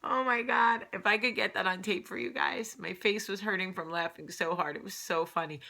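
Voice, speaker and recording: A woman's voice: lowish voice, fairly even intonation, brisk, vocal fry, sharp tone. A woman with a New Jersey accent hosting a casual morning vlog, chatty and rambling, laughing at herself often. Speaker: vlog host. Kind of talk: casual morning chat to camera.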